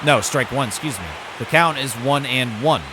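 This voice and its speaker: Background noise runs under this medium-pitched male voice, which moves at a normal speed. He's a gaming YouTuber calling his own baseball video game season like a broadcaster, then dropping into muttered side comments.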